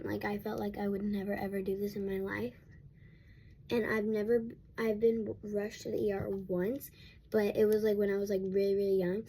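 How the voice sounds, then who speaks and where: A woman's voice: mid-range voice, creaky, mellow, slight background noise. A young woman vlogger telling a casual storytime at home while getting ready, rambling with many restarts and fillers.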